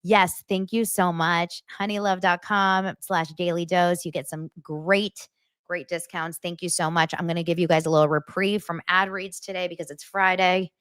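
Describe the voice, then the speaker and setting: A woman hosting her own podcast, talking straight to her listeners in animated, casual commentary with lots of filler words. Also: lowish voice, normal speed, clear, resonant tone, no echo, clean studio sound. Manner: animated, talks directly to listeners, many "like" fillers. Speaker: podcast host.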